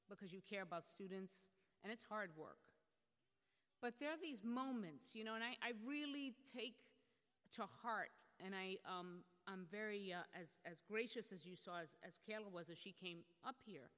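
Bright-voiced woman speaking in a hall. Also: medium pitch. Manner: earnest, reflective storytelling with small hesitations. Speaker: college president. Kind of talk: personal story told in a public speech. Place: stage in a large hall. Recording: long reverb of a large hall.

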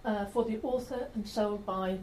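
A woman lecturing to an audience over slides, in a mellow, warm tone. She talks in a chatty way, stopping now and then to correct herself. There is a faint hum of room noise behind her. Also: mid-range voice, fairly even intonation, normal speed, low-quality recording. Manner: chatty, with fillers and self-corrections. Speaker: lecturer on rare books. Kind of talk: public talk with slides.

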